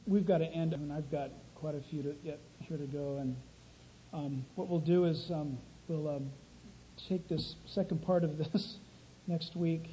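Man, high husky voice, indignant commentary, scripture reading. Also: fairly even intonation, measured pace, dark tone, poor audio. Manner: indignant, emphatic. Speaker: host critiquing preachers.

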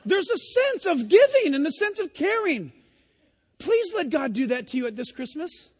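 A man's voice: very high voice, sing-song, moderate pace, big-room sound. A male pastor preaching a sermon in a church, telling stories and asking the congregation questions. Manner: conversational storytelling, rhetorical questions to the congregation.

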